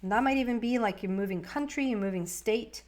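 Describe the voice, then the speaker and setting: A woman's voice: a little high, a little fast, a little mellow. A woman giving a casual, rambling tarot reading to camera, often restarting her words. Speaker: tarot reader.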